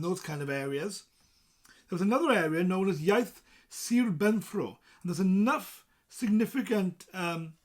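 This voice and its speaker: A presenter from South Wales with a South Welsh accent, explaining things in a chatty, casual way and reading points from a list with asides. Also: medium pitch.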